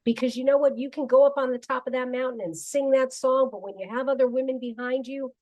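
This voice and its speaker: Woman, radio talk-show host, casual interview, encouraging, emphatic, slightly high voice. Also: steady tone, quick pace, darkish tone, low-quality recording.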